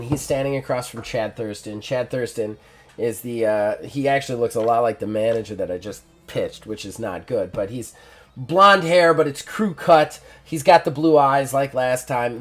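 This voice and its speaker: A man's voice: medium pitch, normal speed. Laid-back man narrating a tabletop game. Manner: casual, relaxed, with many fillers and restarts. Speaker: solo game player.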